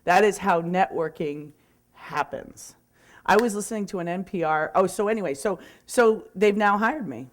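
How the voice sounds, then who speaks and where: This woman, a real estate speaker, rambles through a casual anecdote in a chatty way, often correcting herself and padding pauses with small fillers. Her voice is medium in pitch and her pace is normal.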